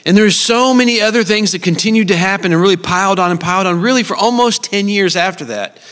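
A middle-aged man preaches to a congregation, his voice sitting a bit high for a man. He tells personal stories earnestly, with flashes of humor. The sound carries a long reverb, as in a large church auditorium. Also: fast, a bit bright, smooth. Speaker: speaker at a church service. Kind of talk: sermon.

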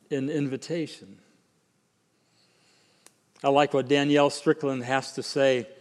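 A man preaching a sermon with emphatic swings from quiet, slow lines to raised ones. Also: fairly high pitch. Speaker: pastor. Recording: long hall reverb.

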